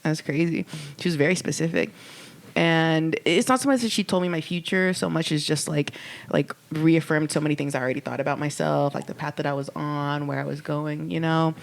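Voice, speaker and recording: A young woman with a somewhat low voice chats casually on a podcast. She tells stories at length, quoting people and leaning on "like" between thoughts. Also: fairly quick, creaky. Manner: chatty storytelling, quoting others, frequent "like". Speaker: podcast co-host. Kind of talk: casual chat.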